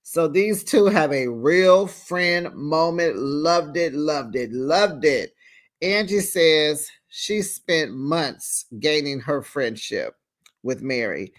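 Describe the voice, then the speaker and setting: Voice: mid-range voice, takes it slowly. Recap host: sassy and chatty, gossipy retelling of reality TV episodes. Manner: sassy, chatty, with frequent "honey" asides; lively, retells scenes in quoted voices. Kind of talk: casual reality show recap commentary.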